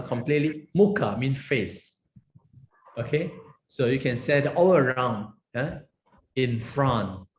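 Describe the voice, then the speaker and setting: Monk teaching Pali in an echoey room. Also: male voice, medium pitch, a little hiss or hum. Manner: explains word by word, many fillers and tag questions. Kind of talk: classroom scripture lesson. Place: monastery teaching hall. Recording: echoey room with faint ambience.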